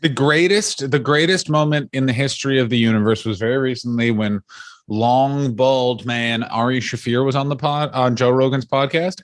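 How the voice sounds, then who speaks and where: A man's voice: medium pitch, dry recording, studio quality. A young man co-hosting a comedy podcast, rambling and swearing and slipping into jokey impressions of people. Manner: rambling, profane, mimics people in jokey voices. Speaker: podcast co-host. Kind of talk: casual comedic chat.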